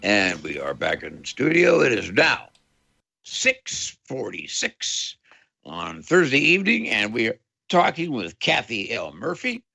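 A man hosting a radio show, reading an ad and handling the segments with brisk patter. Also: fairly low pitch, wildly swooping pitch, creaky, sharp tone, breathy edge. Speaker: radio host. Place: radio studio.

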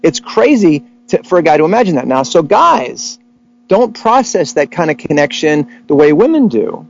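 A man hosts a casual talk, telling anecdotes in an animated way and jumping into voices for the people he quotes. His voice sits a little high for a man. The recording sounds dull and lo-fi. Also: moderate pace, vocal fry. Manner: animated storyteller, acts out quotes. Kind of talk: casual chat about relationships.

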